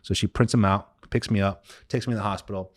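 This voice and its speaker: Low-voiced man in his thirties telling a story. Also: fairly even intonation, fairly quick, no echo, clean studio sound. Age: 30s. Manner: candid, conversational, drops to a low voice on painful parts. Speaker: coach. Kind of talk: personal story told to camera.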